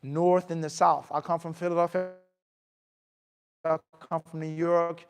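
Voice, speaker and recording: Animated man giving a mosque talk. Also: a little high, unhurried. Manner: animated, asks the audience questions, acts out scolding. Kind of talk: mosque lecture.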